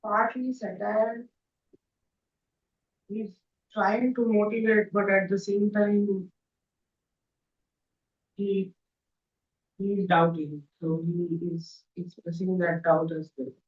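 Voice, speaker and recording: A woman taking part in a workshop exercise, giving hesitant, quiet answers. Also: medium pitch, level tone, takes it slowly, long pauses. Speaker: workshop participant. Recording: dull echoey room audio from far off.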